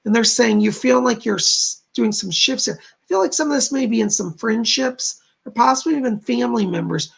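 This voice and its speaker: A man's voice: very high voice, a little fast, gravelly, hardly any pauses, slightly rough. A man hosting a live stream as a psychic medium, reading viewers' comments aloud and passing on spirit messages in an informal way. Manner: informal, repeats "I gotta tell you".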